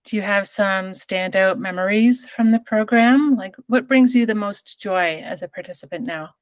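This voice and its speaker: A woman's voice: medium pitch, normal speed, dry recording. A woman interviewing guests, asking questions in an encouraging, enthusiastic way.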